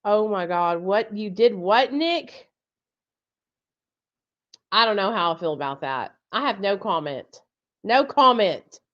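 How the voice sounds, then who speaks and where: A blunt, foul-mouthed woman hosting a casual live chat and laughing often. Her voice sits at an ordinary middle pitch. The audio is a little dull and lo-fi, like a video call. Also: lively intonation, slow, pauses often, fairly bright tone. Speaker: podcast host.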